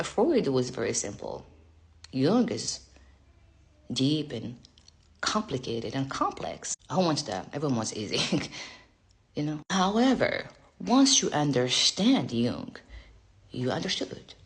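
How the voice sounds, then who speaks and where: Sassy low-voiced woman, animated delivery. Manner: sassy, profane, teasing, laughs often; swings between hushed whispers and loud emphatic bursts. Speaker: vlogger. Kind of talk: casual monologue to camera.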